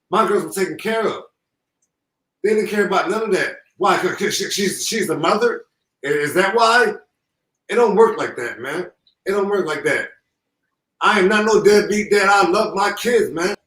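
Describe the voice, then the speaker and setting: A man's voice: sits high, a bit bright. Grieving man on an echoey far-off line. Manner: halting, repeats himself, impassioned. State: holding back tears. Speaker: grieving father, guest. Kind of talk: emotional live call-in.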